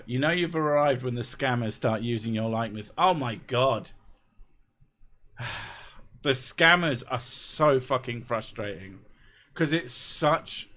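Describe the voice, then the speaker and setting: A man's voice: mid-range voice, bright, forceful tone. Laid-back, sweary man streamer. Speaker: YouTuber reading live chat. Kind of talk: casual live-stream chat.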